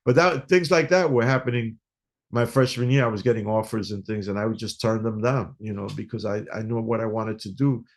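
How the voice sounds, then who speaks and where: Animated middle-aged New guest, talks in stories, voices the other people in them. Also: male voice, on the low side, fairly quick. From New York. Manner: animated storyteller who acts out dialogue. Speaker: guest musician. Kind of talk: storytelling interview.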